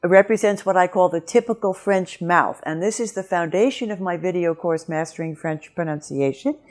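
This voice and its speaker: A woman's voice: fairly low pitch, a little mellow. A woman teaching French pronunciation in an online lesson, explaining patiently and modeling example words.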